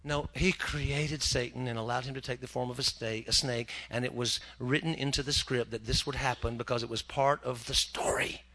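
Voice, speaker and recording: A man preaching a humorous sermon in a folksy, joking way, slipping into quick character voices. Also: medium pitch, fairly even intonation, bright, forceful tone.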